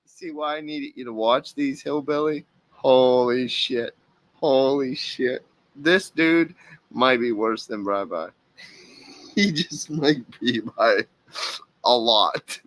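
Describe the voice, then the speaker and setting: A man's voice: medium pitch, slow, a bit bright, no room sound. A man hosting a reaction video, talking over clips with profane, sarcastic taunts. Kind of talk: mocking commentary over clips.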